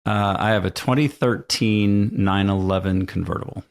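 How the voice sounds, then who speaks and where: A middle-aged man on a podcast, chatting casually in a lowish voice. He tells stories with lots of laughter and bursts of energy, his pitch swinging up when he gets excited. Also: moderate pace. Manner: animated, laughs often while telling stories. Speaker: podcast guest. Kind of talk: casual chat, storytelling.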